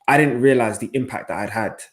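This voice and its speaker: Brief: a passionate male presenter who talks fast and emphatically over a video call. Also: medium pitch. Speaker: panel guest, sports presenter. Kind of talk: webinar panel discussion.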